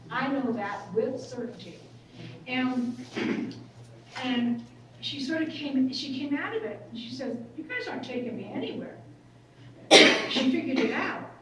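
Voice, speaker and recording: Higher-voiced woman speaking in an echoey hall. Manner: conversational, acts out quoted voices. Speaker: workshop speaker. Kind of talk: storytelling workshop talk. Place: large conference hall. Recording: echoey hall, far from mic, room noise.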